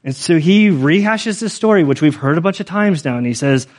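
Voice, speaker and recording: Brief: middle-aged man, pastor, slightly higher-pitched voice, loose conversational sermon delivery with frequent filler words. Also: expressive, brisk. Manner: casual, conversational, many fillers like "like". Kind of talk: storytelling sermon.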